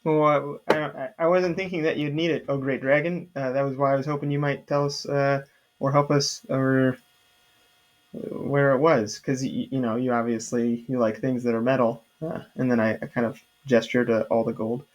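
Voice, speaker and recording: A man playing a tabletop game casually, speaking haltingly with many fillers. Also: mid-range voice, flat delivery, lo-fi sound. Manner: halting, hesitant, full of fillers. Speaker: player. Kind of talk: casual tabletop role-play.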